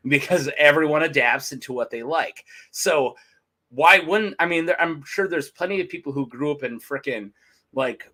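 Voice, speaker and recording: A man's voice: fairly high pitch, normal speed, sharp tone. A man co-hosting a fan podcast, chatting casually and rambling through his opinions. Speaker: podcast co-host.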